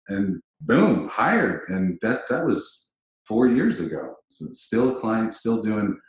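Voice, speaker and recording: A man hosting a casual business podcast, telling stories in an animated, emphatic way. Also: fairly low pitch, slow. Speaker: podcast host. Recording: very echoey room.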